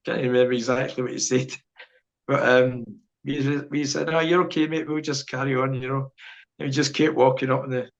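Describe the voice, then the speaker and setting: A middle-aged Scottish man recounts an old story as a podcast guest, rambling and laughing softly between thoughts. His voice stays fairly even in pitch. The audio is a little dull and lo-fi. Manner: rambling storyteller, chuckles often. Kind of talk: casual anecdote telling.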